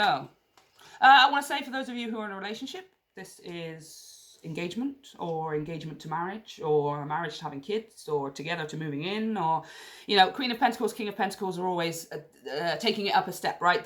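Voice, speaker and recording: A woman reading tarot cards to camera in a chatty, gushing way, prone to excited outbursts. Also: fairly low pitch, a little fast. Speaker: tarot reader.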